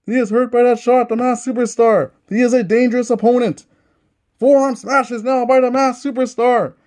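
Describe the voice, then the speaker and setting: A man with a strikingly high voice calls a dice-driven wrestling match in a play-by-play style. He is eager and keeps restating each hold and strike as it lands. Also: steady tone, moderate pace, a little mellow. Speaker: host commentating a tabletop wrestling game.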